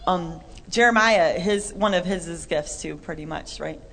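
A woman co-hosting a Christian talk show, chatty and animated, acting out little quotes. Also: lowish voice, moderate pace, vocal fry. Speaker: co-host. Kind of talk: Christian podcast chat.

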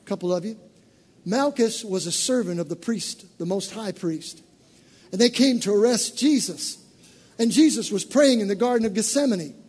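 A man preacher giving an animated, conversational sermon to a congregation in church. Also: high voice, normal speed, slightly rough.

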